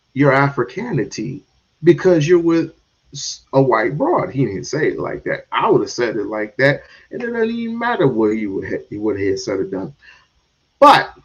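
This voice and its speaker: Sarcastic, animated male sports ranter. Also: mid-range voice, husky. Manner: animated, sarcastic, mocking asides. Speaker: podcast host. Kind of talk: opinionated sports commentary rant. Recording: dull lo-fi stream audio.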